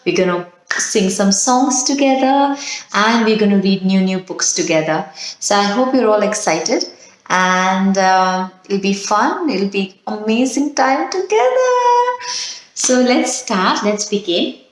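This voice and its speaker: A woman teaching young children, gently coaxing them through a calming exercise and a storybook reading while asking them questions. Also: mid-range voice, unhurried. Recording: very echoey room.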